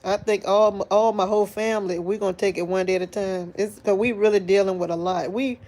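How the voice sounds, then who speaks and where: A woman talks straight to her online viewers, grieving and on the edge of tears. Her speech is rambling and halting, full of restarts and heavy sighs, and her voice keeps breaking as she cries. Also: medium pitch, fairly even intonation, darkish tone. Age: adult. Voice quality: emotional, sighing, voice breaking into crying. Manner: rambling, halting restarts, addresses audience as y'all. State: grieving, crying. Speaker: vlogger talking to online viewers. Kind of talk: tearful live-stream monologue.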